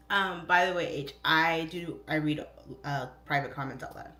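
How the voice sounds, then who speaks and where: A woman's voice: low voice, unhurried, sharp tone, echoey room. A woman in her thirties chatting casually on a livestream, reading comments aloud, goofy and easily distracted. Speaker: livestream host and real estate agent. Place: home.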